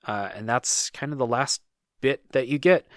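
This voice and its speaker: A man's voice: medium pitch, normal speed, no echo, studio quality. A man hosting a podcast, chatting casually and retelling a game's story with lots of filler words. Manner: relaxed storytelling, many "like"s. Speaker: podcast host. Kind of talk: casual chat.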